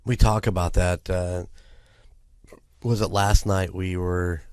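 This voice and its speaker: A man co-hosting a podcast, talking in a laid-back, meandering and halting way. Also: low-pitched, fairly even intonation, darkish tone, clear, resonant tone, no room sound, studio quality. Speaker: podcast co-host. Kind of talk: casual chat.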